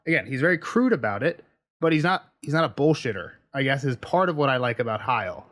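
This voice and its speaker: A man's voice: medium pitch, lively intonation, a little fast, a bit bright. A man co-hosting a casual book podcast, rambling and correcting himself as he argues a point. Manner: rambling, self-correcting, playing devil's advocate. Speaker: podcast co-host.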